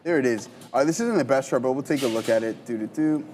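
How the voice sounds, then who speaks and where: A man's voice: mid-range voice, fast talker, music in the background. A man hosting a live trading stream, upbeat and chatty, thinking aloud as he pulls up charts. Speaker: trading show host. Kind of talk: casual live stream banter.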